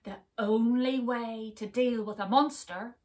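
A woman voicing a clever male owl in a children's story, in a measured, knowing tone. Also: a little high, fairly even intonation, darkish tone, lightly acted. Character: clever male owl, wise and sure of himself.

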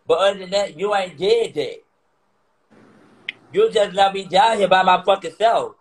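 A man's voice: high voice, a little slow, poor audio. A man ranting to his viewers, upset and swearing, repeating himself. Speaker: vlogger on a live stream. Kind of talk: emotional rant to viewers.

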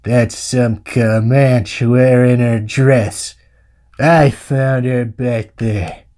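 A man doing an impression of a gruff old male cowboy, in a slow, low drawl. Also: fairly even intonation, warm tone. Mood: grim.

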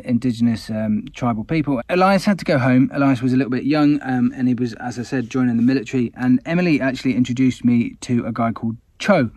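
A man's voice: medium pitch, darkish tone, dry recording. A man, an explorer candidly recounting an expedition story in a conversational, self-deprecating way.

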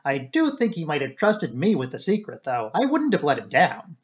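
A man voicing a composed, frank young woman in an audiobook reading, speaking in a calm, reassuring way. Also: a little high, normal speed.

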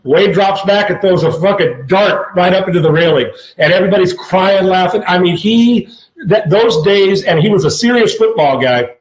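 A man's voice: sits high, normal speed. A man in his fifties, a former football player, telling stories casually with constant swearing and stammering restarts. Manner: profane, stammering, animated. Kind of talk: casual chat, storytelling. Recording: roomy echo.

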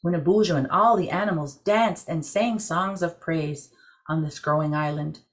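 A woman telling a traditional creation legend in a measured, deliberate storytelling narration. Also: low voice. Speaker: program director telling a legend.

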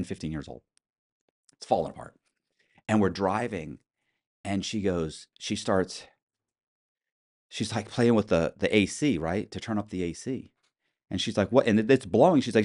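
A middle-aged man, an interview guest, telling stories in a casual, animated way, acting out what people said and swearing now and then. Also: on the low side. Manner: animated storyteller, acts out quotes, curses casually. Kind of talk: casual storytelling.

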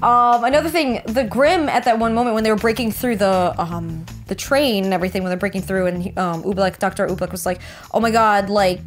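A woman's voice: medium pitch, a little fast, few pauses, soft background music. A young woman hosting an anime reaction video, gasping, squealing and repeating herself as she comments.

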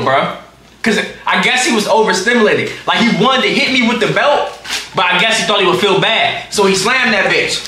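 A young man streaming live, telling a story in an animated, profane way full of slang. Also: high-pitched, echoey room. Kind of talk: livestream storytime.

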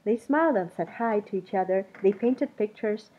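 A woman reading a children's storybook aloud in an expressive, storytelling manner. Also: mid-range voice, normal speed, a little hiss or hum. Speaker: narrator. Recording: dull muffled recording.

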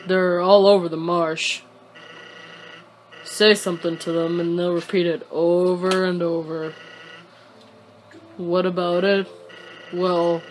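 A woman voicing a lazy, joking male skeleton with a slow, low, drawling read. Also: a little hiss or hum, natural voice, rough recording.

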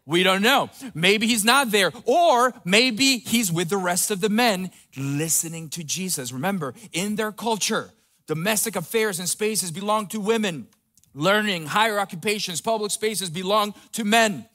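A man pastor giving a conversational sermon, dropping soft and low for tender quotes. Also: moderate pace.

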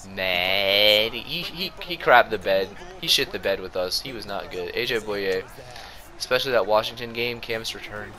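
A young man with a sore throat giving slangy, excitable commentary over his own old football video game match. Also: fairly low pitch, moderate pace. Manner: excitable, slangy, jumps between play-by-play and rants. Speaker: gaming YouTuber. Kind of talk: gameplay commentary.

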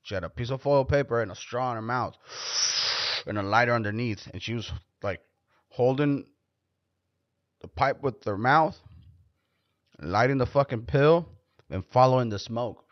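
A man hosting his own podcast in a casual, swearing, rambling storytelling style. His voice sits at an ordinary pitch. The recording is dry and a little dull and lo-fi. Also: normal speed, long pauses, no room sound. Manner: profane, rambling, conversational. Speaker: podcast host.

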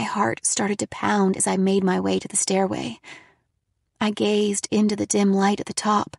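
A woman's voice: mid-range voice, monotone, moderate pace, creaky, no room sound, studio quality. A woman reading a first-person horror audiobook in a dramatic manner. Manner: dramatic, shifting into loud frightened shouts for quoted lines. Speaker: audiobook reader.

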